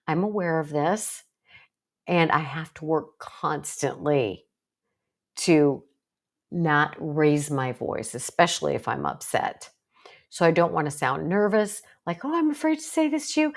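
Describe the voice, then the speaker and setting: A woman psychologist with a strong, assertive voice, giving an educational talk to viewers in a direct, coaching way. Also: on the low side. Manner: direct, coaching, self-deprecating asides.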